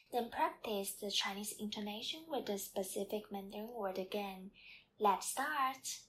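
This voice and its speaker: A woman's voice: medium pitch, a bit bright. A woman teaching as a language teacher, leading a patient, repetitive pronunciation drill.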